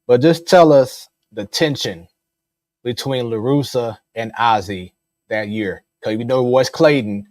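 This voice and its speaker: A male sports talk host leans into a relaxed, conversational question for his guest. His pitch is middling and ordinary, and the recording is dry and close with no room sound. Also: a little slow, dry recording.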